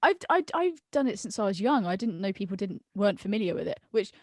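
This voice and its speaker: A woman's voice: medium pitch, very animated, fast talker. A young woman tells rambling, giggly anecdotes on a video call. Her voice sits in the middle range. The sound is dry, with no room echo. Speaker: guest. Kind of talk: casual chat.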